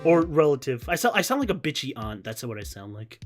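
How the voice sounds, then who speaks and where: A man's voice: on the high side, very animated, moderate pace, music in the background. Joking rambling streamer man. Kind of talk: casual commentary over a game.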